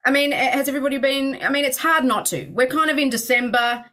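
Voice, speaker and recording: Bright, theatrical woman. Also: steady tone, quick pace. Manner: theatrical, playful, swoops in pitch. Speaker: podcast co-host and improv teacher. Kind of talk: casual improvised banter.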